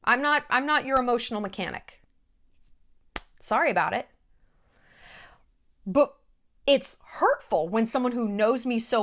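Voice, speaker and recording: A woman vlogger talks straight to camera with a fairly high voice that swoops up and down a great deal. She is blunt and emphatic, swears without a second thought, and drives each point home with short, punchy repeats. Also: fairly bright tone. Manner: blunt, emphatic and freely profane. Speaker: vlogger host. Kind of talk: direct-to-camera monologue.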